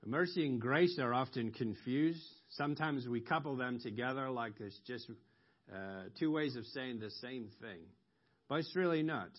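A man preaching a sermon, explaining scripture slowly with pauses and ums, rising sharply when he quotes a cry for mercy. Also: mid-range voice. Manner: slow, explanatory, with ums and emphatic rises on quoted cries. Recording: dull lo-fi recording.

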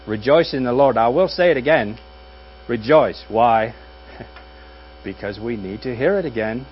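Pastor, man, wry conversational sermon delivery, muffled take with light hum. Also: mid-range voice. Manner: conversational and wry, with dry jokes and pauses. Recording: dull audio with faint mains hum.

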